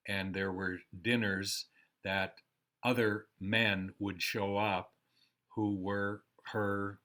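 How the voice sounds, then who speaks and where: An older American man telling his life story in a rambling, unhurried way, with pauses and fillers. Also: on the low side, a bit bright. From United States. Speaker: memoir storyteller. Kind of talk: casual spoken memoir.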